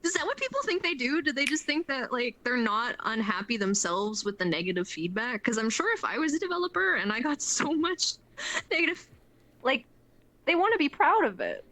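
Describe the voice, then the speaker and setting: A woman's voice: fairly high pitch, big pitch swings, moderate pace, bright, forceful tone. Woman, interview guest, voice actress, chatty, playful, joking. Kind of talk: casual interview chat.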